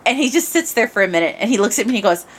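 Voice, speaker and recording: A woman podcast host telling a casual anecdote into a microphone, animated and expressive, dropping to low mutters and rising to shrieks. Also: very fast, husky.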